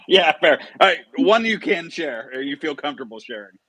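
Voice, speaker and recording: A man's voice: on the high side, lively intonation, normal speed, pushed and bright, husky, dry recording, poor audio. A male host in a casual live chat, easygoing, asking questions and laughing along with his guest.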